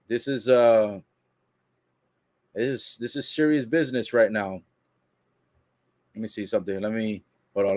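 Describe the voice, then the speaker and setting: A man giving a casual, excitable wrestling recap in slangy talk, retelling what others said. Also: on the low side, no room sound, clean studio sound. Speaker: wrestling commentary vlogger. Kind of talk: casual live commentary recap.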